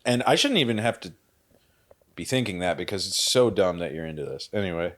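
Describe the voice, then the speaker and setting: A man's voice: sits low, lively intonation, a little fast, fairly bright tone. A man co-hosting a podcast, chatting casually, rambling through a story with lots of swearing and laughter. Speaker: podcast co-host. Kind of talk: casual chat.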